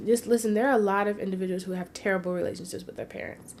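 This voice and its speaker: A woman vlogger sharing a personal story in an earnest, heartfelt way. She moves between hushed and emphatic. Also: medium pitch, fairly even intonation, racing, hardly any pauses.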